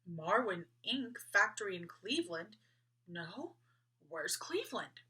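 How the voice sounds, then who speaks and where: A woman voicing a calm, kind uncle doll in a storybook read-aloud, soft and quiet. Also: mid-range voice, slow, slightly rough, exaggerated voice.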